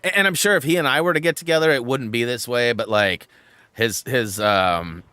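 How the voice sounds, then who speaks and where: A man's voice: medium pitch, fairly quick, pushed and bright, smooth, no echo. A man hosting a gaming channel, chatting casually with a friend while playing and rambling along with many restarts. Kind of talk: casual chat while playing a video game.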